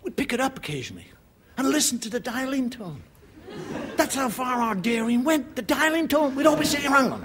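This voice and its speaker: A man's voice: very high-pitched, big pitch swings, fairly quick. A man with an Irish accent doing a stand-up monologue on television, acting out the voices of the people in his story. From Ireland. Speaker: stand-up comedian. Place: television studio with live audience. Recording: audience laughter and noise behind. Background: audience laughter.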